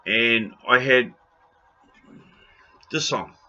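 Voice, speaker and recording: A man's voice: mid-range voice, drawn-out words, sharp tone, muffled recording. A New Zealand man in an impassioned rant to camera, blunt and pleading, raising his voice and swearing freely. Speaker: video blogger.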